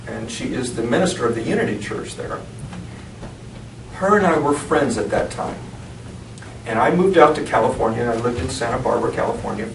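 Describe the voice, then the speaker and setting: A man's voice: mid-range voice, vocal fry. Storytelling preacher man in an echoey church. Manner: storytelling, laughs often. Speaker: reverend. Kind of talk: sermon with a personal story. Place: church sanctuary. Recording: echoey church from far off, noisy.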